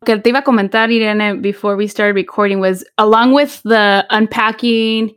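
A woman's voice: medium pitch, steady tone, brisk, no echo, clean studio sound. A woman, co-hosting a casual chat and rambling heartfelt, switching into Spanish. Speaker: podcast co-host. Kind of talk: casual chat among friends.

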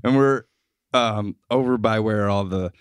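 Slow, hesitant man telling a story. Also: on the low side, clean tone, dry recording. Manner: unhurried, hesitant with fillers. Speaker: podcast co-host. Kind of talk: casual storytelling chat.

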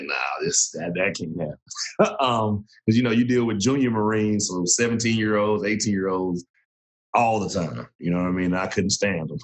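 A man in his thirties, a former Marine turned coach, telling his story in a relaxed, casual way with frequent laughs. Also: deep voice. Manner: relaxed, laughs often, restarts sentences.

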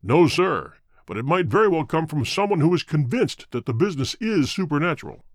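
A man's voice: on the high side, big pitch swings, brisk, no room sound. A man voicing an earnest, courteous doctor who speaks politely and seriously, in a dry recording.

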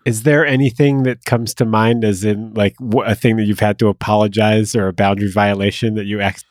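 A man's voice: on the low side, steady tone, a little fast, no echo. Reflective man host, dry sound. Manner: reflective, searching for words. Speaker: podcast host. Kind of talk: podcast conversation.

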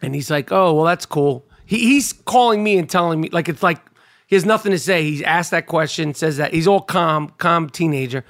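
A man with a high-pitched voice talks through a casual solo monologue as a podcast host. He rambles and swears freely. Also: moderate pace, fairly bright tone. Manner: profane, rambling storyteller. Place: New York.

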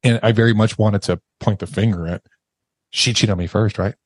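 A man's voice: fairly low pitch, fairly even intonation, a little fast, slightly rough, dry recording. A man, a podcast guest, telling a raw, emotional personal story and swearing casually as he talks.

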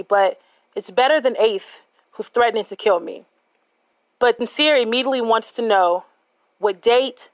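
A woman's voice: on the high side, a bit bright, no echo, poor audio. A woman telling a personal true story in a candid, conversational and dramatic manner.

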